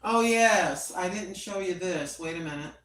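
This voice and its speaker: Slow-talking chatty older woman. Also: lowish voice, low-quality recording. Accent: American. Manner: chatty, rambling, talks to her cat and viewers. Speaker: vlogger. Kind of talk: casual chat.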